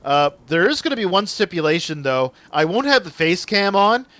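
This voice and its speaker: A man's voice: high-pitched, normal speed. Chatty Canadian man streaming a game. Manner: chatty, apologetic, excitable. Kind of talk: live gameplay commentary chatting with viewers.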